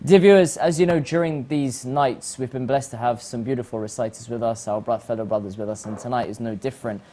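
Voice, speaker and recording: A man hosting a reflective religious talk, animated and acting out the voices he quotes. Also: mid-range voice, brisk, a little hiss or hum. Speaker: host.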